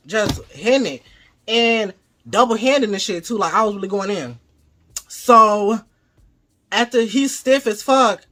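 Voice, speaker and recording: A man vlogging a casual storytime monologue, profane and animated, acting out his own quoted lines as he goes. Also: high voice.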